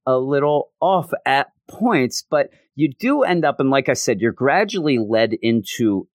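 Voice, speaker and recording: A man's voice: medium pitch, very animated, a little slow, dry recording, clean studio sound. Rambling man hosting a podcast. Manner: rambling, self-interrupting. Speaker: podcast host. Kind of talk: casual comic book review.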